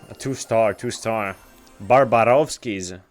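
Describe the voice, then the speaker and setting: A man's voice: on the low side, takes it slowly, soft background music. A young man streaming games live, chatting casually and trash-talking with lots of swearing. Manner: profane, trash-talking banter.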